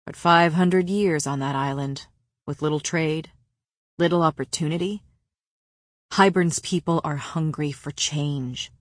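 A woman reads as a grim male fae lord, low and measured in his speech. The voice sits deep and is delivered with steady gravity. The recording is dry and close. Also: no echo. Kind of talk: audiobook character voice.

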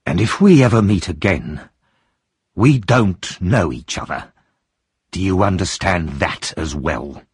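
A man voicing a fierce, threatening stranger who speaks curtly and makes demands, in a deep husky voice. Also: lively intonation, takes it slowly, no echo, studio quality, exaggerated voice. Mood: menacing. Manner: menacing, curt, demanding.

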